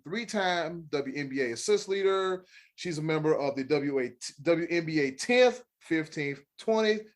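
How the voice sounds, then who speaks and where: A man with an American accent co-hosting a sports podcast, rattling off stats with jokey asides. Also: fairly high pitch. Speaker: podcast co-host. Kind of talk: casual sports chat.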